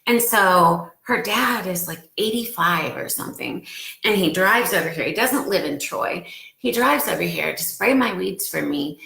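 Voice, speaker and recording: A woman in her forties speaks earnestly and emotionally on a home live stream, her fairly low voice carrying a gravelly fry. The room is echoey, as if she is talking into a phone or webcam. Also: lively intonation, moderate pace, pushed and bright. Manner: emotional, earnest, gets choked up. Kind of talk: casual live-stream talk to followers.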